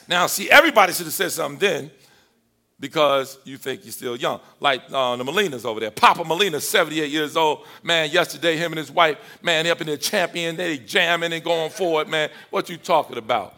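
Bright-voiced preaching pastor, call-and-response. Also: male voice, mid-range voice, a little fast. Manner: preaching with call-and-response, playful asides to the congregation. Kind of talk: sermon.

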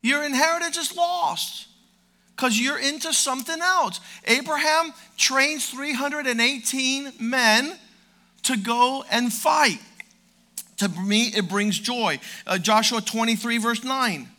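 A male pastor preaching a sermon, telling stories with humor and swinging from quiet asides to loud exhortation. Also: very high-pitched, slow pace. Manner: storytelling with playful humor.

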